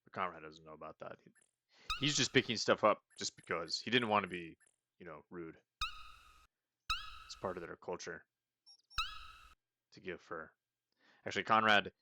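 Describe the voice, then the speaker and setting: A man hosts a let's play, thinking aloud in casual, rambling commentary with restarts and reading the game's text as he goes. His voice sits low with a sharp tone, over game music.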